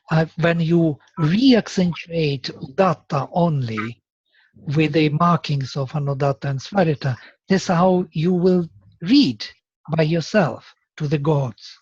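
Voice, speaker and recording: A man teaching Sanskrit in a seminar, speaking as a with many pauses and chanting verses aloud. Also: fairly high pitch, darkish tone, husky, no echo. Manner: slow, halting, chants verses. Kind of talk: seminar lecture with recitation. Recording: dull, dry lo-fi recording.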